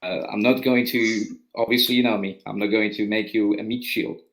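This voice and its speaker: Low-voiced man at a game table, halting and unsure. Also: steady tone, fairly bright tone, low-quality recording. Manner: hesitant, full of fillers. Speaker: player.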